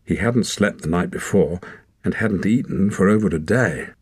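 Deep, husky male audiobook narrator. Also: moderate pace, a little mellow, no room sound. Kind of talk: scripted narration.

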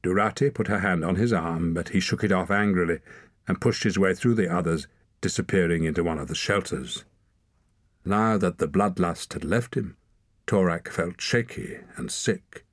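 A man's voice: low-pitched, normal speed, dry recording, clean studio sound. A man narrating a story as an audiobook reader, reading expressively. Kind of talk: scripted narration.

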